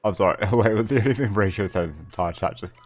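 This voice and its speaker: A young male streamer with a low voice, joking and swearing his way through casual game commentary. Faint game music sits beneath his talk. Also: fast.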